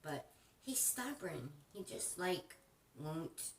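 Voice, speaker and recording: A woman with a low voice chats casually as a craft host, rambling and often restarting her sentences. She sits some way from the mic in a roomy space. A faint hiss runs underneath. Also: big pitch swings, slow pace, far from the mic. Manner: chatty and rambling, with frequent restarts. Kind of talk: casual chat while crafting.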